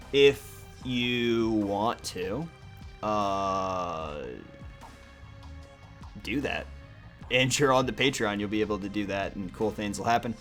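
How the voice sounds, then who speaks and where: A young man giving casual, profane, sarcastic commentary on a card game he is playing, often muttering to himself. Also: medium pitch. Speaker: gaming video host.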